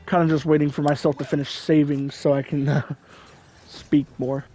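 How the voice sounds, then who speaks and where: A man with a fairly high voice chats loosely over his gameplay, hedging his guesses and padding his talk with fillers. He keeps it casual and unscripted. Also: flat delivery, moderate pace, dark tone, faint music behind. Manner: rambling, hedging, filler-heavy. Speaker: gameplay commentator. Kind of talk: casual game commentary.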